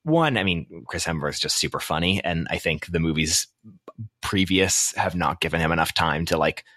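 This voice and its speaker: A man's voice: low-pitched, animated, fairly bright tone, dry recording, clean studio sound. A young man co-hosting a podcast, reviewing a movie in a casual, rambling way with lots of fillers. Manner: rambling, many fillers, quick asides. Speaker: podcast co-host.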